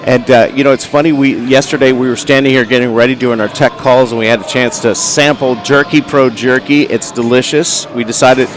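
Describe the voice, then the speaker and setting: A livestream commentator with a Southern US accent gives folksy, rambling live commentary at an outdoor bucking bull event, using lots of fillers. His mid-range voice is steady and fairly quick, with hardly any pauses, and music plays underneath.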